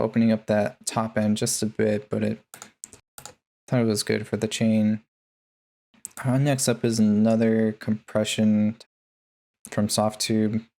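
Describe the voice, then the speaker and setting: A man talking through his bass mixing chain in a casual tutorial, laid-back and full of ums and uhs. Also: creaky, darkish tone. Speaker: music producer.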